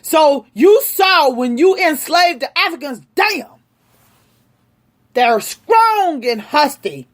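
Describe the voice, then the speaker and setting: A woman delivering an impassioned, angry rant straight to her audience, speaking forcefully. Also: sits high, expressive, takes it slowly. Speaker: vlogger. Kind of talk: impassioned direct-to-camera rant.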